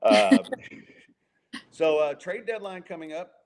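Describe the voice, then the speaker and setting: A man's voice: a little high, sing-song, slow, a crowd in the background. A man hosting a sports podcast in casual chat, asking his guest open questions in a conversational way. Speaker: podcast host.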